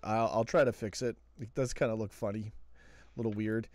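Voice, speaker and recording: A man's voice: fairly low pitch, fairly even intonation, moderate pace, a little mellow, no echo. Laid-back man hosting a late-night stream. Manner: chatty and laid-back, laughs often. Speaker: host of a live call-in fan show. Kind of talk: casual late-night live stream chat.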